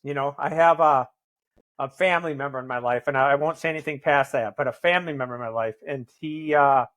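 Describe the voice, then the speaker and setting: A man's voice: medium pitch, fast talker, a bit bright. A man talking as a podcast guest, blunt and earnest, swearing often in candid conversation. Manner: earnest, intense.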